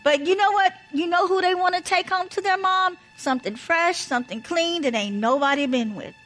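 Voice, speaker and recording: A woman's voice: extremely high pitch, a little fast, fairly bright tone, soft background music, rough recording. A woman casually telling stories and giving advice about marriage, in a chatty, anecdotal way. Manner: chatty, anecdotal, repeats "blah, blah". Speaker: speaker sharing marriage advice. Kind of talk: casual storytelling talk.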